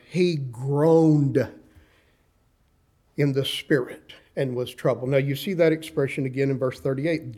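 A man in his sixties, a pastor preaching a sermon with slow, impassioned delivery and dramatic pauses, reading scripture in old-fashioned wording. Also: on the high side, warm tone.

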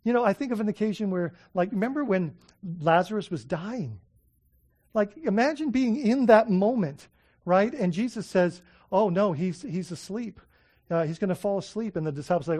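A man preaching a sermon, telling stories with excitement, often restarting his sentences. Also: high voice, moderate pace. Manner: excited storytelling, many restarts and fillers. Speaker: pastor.

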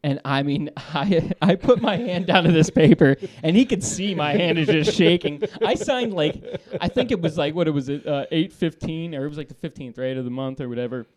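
A man calling in to a talk show, telling a story in a lively, laughing way, swearing and restarting his sentences. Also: on the high side, moderate pace, few pauses. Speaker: caller. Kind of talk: casual storytelling.

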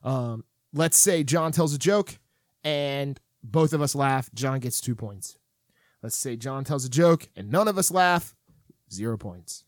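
A man's voice: medium pitch, animated, measured pace, dry recording, clean studio sound. A man hosting a casual podcast, explaining the rules of a game with lots of fillers and frequent laughs. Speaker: podcast host. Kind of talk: casual chat.

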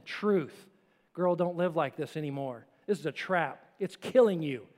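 A man preaching a sermon with emphasis, swinging between forceful lines and hushed ones. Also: a little high, lively intonation, a little slow, big-room sound. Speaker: pastor.

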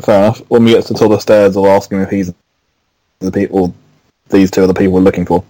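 Laconic man with a mellow voice. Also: deep voice, fairly even intonation, quick pace, no room sound, poor audio. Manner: laconic, matter-of-fact. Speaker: player. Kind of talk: casual tabletop game play.

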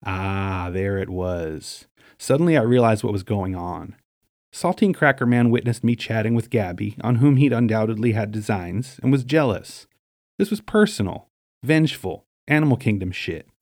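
A middle-aged man from Staten Island, New York, narrating his memoir in a dry, wry, deadpan way. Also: medium pitch, moderate pace, no room sound.

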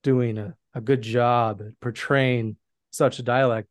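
A man's voice: medium pitch, fairly even intonation, measured pace, no echo. An American man with a mid-range voice, teasing his guests and arguing his point in casual podcast chat. The sound is dry and close. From United States. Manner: teasing, argumentative. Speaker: podcast host.

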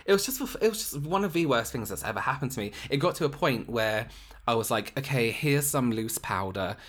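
A man in casual conversation, spinning a work story with lively, exasperated energy. His voice sits at an ordinary middle pitch. He talks in an easy, chatty, storytelling flow. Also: fast talker. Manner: animated storyteller, exasperated retelling. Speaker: makeup artist. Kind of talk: casual chat.

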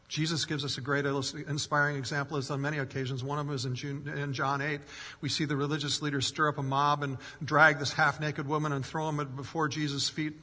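Bright-voiced male pastor in reverberant hall. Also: fairly high pitch. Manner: earnest, builds in emphasis, acts out quoted voices. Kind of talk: sermon. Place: church sanctuary.

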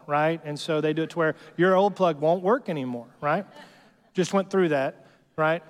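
Guy pastor preaching, kinda high voice, chatty and jokey, big echoey church sound. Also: steady tone, moderate pace. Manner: conversational and joking, peppered with "right?". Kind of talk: sermon. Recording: long hall reverb.

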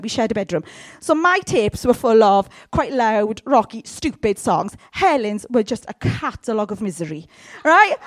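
A woman giving a sermon in a humorous, conversational way, with sudden loud, high outbursts. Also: dry recording. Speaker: preacher.

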